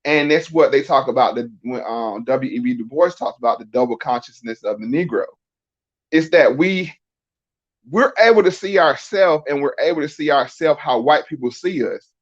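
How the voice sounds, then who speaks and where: A man's voice: medium pitch, animated, moderate pace. A middle-aged man in a casual podcast conversation, explaining emphatically and often asking rhetorical questions. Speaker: podcast guest. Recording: dull lo-fi sound.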